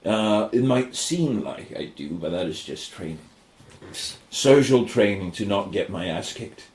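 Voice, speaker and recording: Animated storytelling man, echoey room. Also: on the low side, measured pace. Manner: animated, swearing, acts out quoted voices. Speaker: podcast co-host. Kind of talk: casual storytelling chat.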